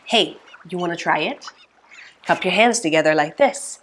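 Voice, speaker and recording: A woman teaching songs to young children, playful and exaggerated, with a slow sing-song delivery. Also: lowish voice, noisy background. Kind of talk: singsong preschool lesson.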